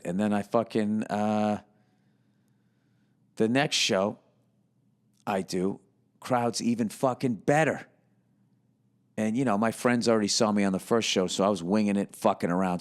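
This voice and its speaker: A man in his fifties tells a story as a podcast host. He rants in a profane, sardonic way. His voice sits at an ordinary middle pitch. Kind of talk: casual storytelling monologue.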